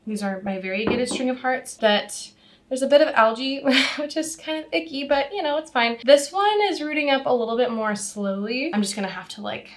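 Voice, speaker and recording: A young woman who makes plant content chats casually to the camera in a vlog, rambling a little and putting herself down. Her voice sits high, sounds slightly congested from a cold, and moves fairly quickly. There's a little hiss or hum.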